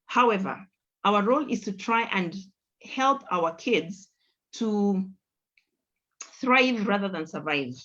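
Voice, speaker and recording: A woman's voice: mid-range voice, expressive, slow, pauses often, a bit bright. A middle-aged woman hosts a conversational panel discussion, speaking in an earnest, reflective way and repeating points for emphasis. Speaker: host. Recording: dull lo-fi audio.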